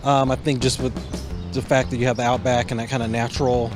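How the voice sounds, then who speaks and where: Man, street interview, thoughtful, halting, music behind. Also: medium pitch, level tone. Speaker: passer-by. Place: city street outdoors.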